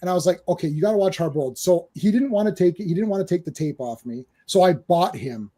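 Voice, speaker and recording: A man's voice: high voice, lively intonation, fast, warm tone. A man in his forties hosting a movie podcast who tells stories with lots of energy, acts out quotes, swears and often restarts his sentences. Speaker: podcast host. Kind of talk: casual storytelling on a movie podcast. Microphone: live-stream microphone.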